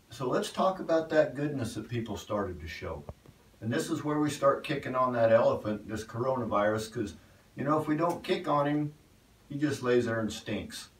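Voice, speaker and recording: A man's voice: mid-range voice, distant mic. A man preaching a folksy online sermon, talking easily with cowboy turns of phrase. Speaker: pastor. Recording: echoey room, voice from off the mic.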